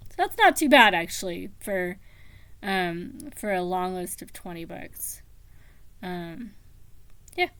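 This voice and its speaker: A woman talking casually about books, slow and meandering with many pauses and ums. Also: lowish voice, animated, fairly bright tone, smooth, no room sound. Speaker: book vlogger. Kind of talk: casual book chat.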